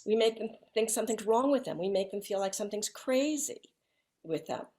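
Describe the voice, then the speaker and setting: A woman in a middle pitch gives reflective interview talk, soft-spoken and halting. She often restarts her sentences as she searches for words. She is heard over a video call. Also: lively intonation. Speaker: guest.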